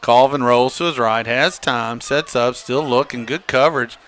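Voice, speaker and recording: A man calling a high school football game play-by-play, chatty and joking. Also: normal speed, fairly bright tone, a little hiss or hum. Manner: chatty, joking, laughs often. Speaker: play-by-play announcer.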